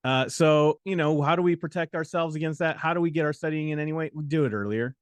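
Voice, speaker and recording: A man's voice: fairly high pitch, fast, smooth, no echo. A middle-aged man hosting a study livestream, giving a preachy motivational talk that repeats points and drops joking asides. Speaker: exam prep coach and host.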